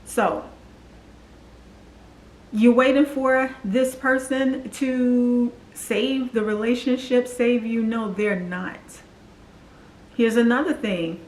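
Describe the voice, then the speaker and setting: A woman's voice: fairly high pitch, fairly even intonation, takes it slowly, long pauses, a little mellow, reverberant, low-quality recording. A woman in her forties telling her personal story to the camera in an earnest, confiding way. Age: 40s. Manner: earnest, confiding, acts out quoted voices. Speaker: vlogger.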